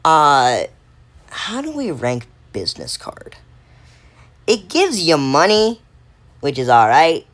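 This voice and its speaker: A woman with an extremely low-pitched voice gives casual, unscripted commentary while ranking game cards. She rambles, corrects herself, and uses lots of fillers.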